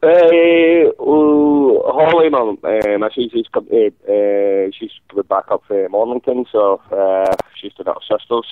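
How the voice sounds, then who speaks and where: A man's voice: lowish voice, unhurried, hardly any pauses, no echo. A hungover man calling in to a radio show, rambling and swearing with many ums. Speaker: caller. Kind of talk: casual phone chat. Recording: dry tinny phone line.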